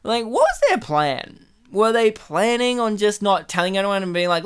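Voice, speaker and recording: A man's voice: sits high, very animated, normal speed, clean tone. A man chatting casually while watching a film, rambling and acting out silly imagined scenes. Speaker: podcast co-host. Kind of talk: casual film commentary chat.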